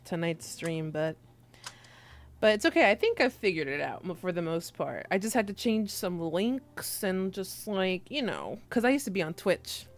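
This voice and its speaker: A woman's voice: lowish voice, animated, moderate pace. A young woman streamer chatting casually with her viewers, teasing and giggling as she reads the chat aloud.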